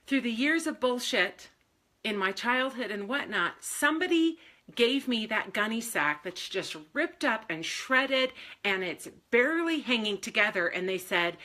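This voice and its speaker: Woman, bright voice, candid and emotional faith talk streamed live, swears casually and laughs often. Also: on the high side, expressive, a little slow. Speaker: faith and self-esteem speaker.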